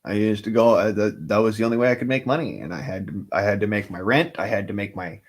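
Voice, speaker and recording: A man's voice: lowish voice, fast. A man talking casually on a livestream, rambling from thought to thought and swearing often.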